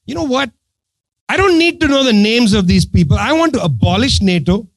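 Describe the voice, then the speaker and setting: Man, impassioned political talk, sarcastic, high-pitched, swooping delivery, dry close sound. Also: very animated, brisk, no echo. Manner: sarcastic and emphatic, hammering points with repetition. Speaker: political speaker addressing an audience.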